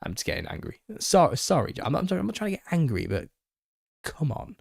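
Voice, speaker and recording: A man hosting a live Q&A stream, reading viewer comments and answering them with exasperation and laughter, his voice a little raspy. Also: on the high side, wildly swooping pitch, fairly quick, dry recording, studio quality. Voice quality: slightly raspy. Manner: reads out chat comments and retorts, exasperated, laughing. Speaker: channel host answering viewer questions.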